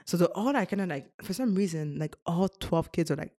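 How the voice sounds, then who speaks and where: A woman's voice: lowish voice, expressive, a little fast, mellow. A young woman, co-hosting a casual podcast chat, giggling often and switching between English and French. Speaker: podcast co-host.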